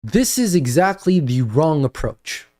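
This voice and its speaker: A man delivering a lecture to parents in a slow, deliberate way. His pitch moves widely as he stresses his points. He repeats key phrases for emphasis. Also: sing-song, dark tone. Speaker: lecturer giving parenting advice. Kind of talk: spoken video lecture.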